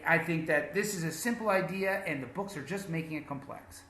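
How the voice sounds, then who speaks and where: A man teaching English pronunciation, drilling words slowly and emphatically. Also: on the high side, sharp tone, reverberant. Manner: slow, deliberate drilling with emphatic repetitions.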